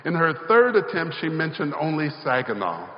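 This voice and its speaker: A man's voice: a little high, very animated, normal speed. A male pastor giving a sermon in a church sanctuary. He speaks in a rhythmic call-and-response style with rising emphasis. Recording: echoey hall, slightly dull sound.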